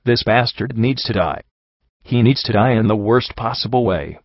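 A man voicing a young male pony in an audiobook, angry and grieving, with raw, bitter shouts. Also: medium pitch, animated, normal speed, no room sound. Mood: furious. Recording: dry, slightly dull home recording.

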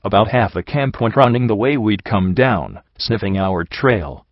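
A man reads a story aloud in a steady, even narrating voice that sits low. The sound is dry and close with no room around it, on a dull, lo-fi recording. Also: unhurried, hardly any pauses, dry recording. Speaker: audiobook narrator. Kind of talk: audiobook narration of fan fiction.

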